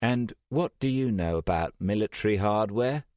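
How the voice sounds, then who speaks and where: A man voicing a sharp-tongued young woman who mocks her friend with scathing retorts. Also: on the low side, animated, normal speed, no echo, clean studio sound, voice pushed up, natural voice.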